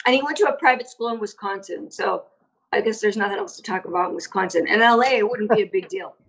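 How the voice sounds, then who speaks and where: Chatty woman with a husky voice. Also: mid-range voice, fast, fairly bright tone. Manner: chatty, storytelling with many fillers. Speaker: podcast guest. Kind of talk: casual interview chat. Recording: dull lo-fi audio.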